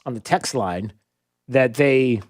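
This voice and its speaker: A male radio talk show host rambling along in an animated way, full of fillers and restarts, in a studio. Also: mid-range voice, slow.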